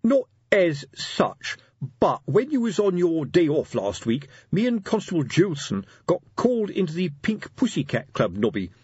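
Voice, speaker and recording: A man's voice: a little high, very animated, measured pace, a little mellow, breathy edge, no room sound, dull audio, pitched above the performer's own voice, full character voice. A man voicing a pompous, lecturing middle-aged police sergeant who talks in a fussy, hesitant way.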